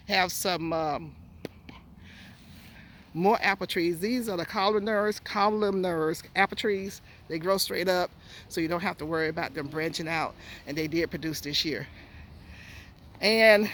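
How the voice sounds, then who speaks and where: A gardening vlogger giving a casual, rambling walking tour of a garden outdoors, out of breath and pausing to recall plant names. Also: medium pitch, a bit bright, a little hiss or hum.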